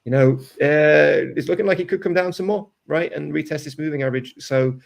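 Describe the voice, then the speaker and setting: A man with a slightly high, creaky voice speaks fairly quickly while coaching live day trading. He walks through charts step by step in a market analysis chat, ending his points with "right?"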